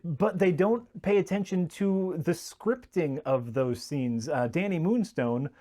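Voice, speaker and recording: A man with a somewhat raised voice critiquing a film on a podcast. He speaks in a measured, halting way, pausing on "uh" as he gathers his thoughts. His tone is dry and critical, in a casual chat. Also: on the high side, mellow. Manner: measured, hesitant, with many "uh" pauses, dryly critical.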